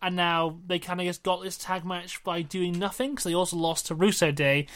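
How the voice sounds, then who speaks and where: A man's voice: high-pitched, steady tone, normal speed, fairly bright tone. A young man co-hosting a podcast, casually recapping in a wry, rambling way. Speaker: podcast co-host. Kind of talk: casual chat reviewing wrestling.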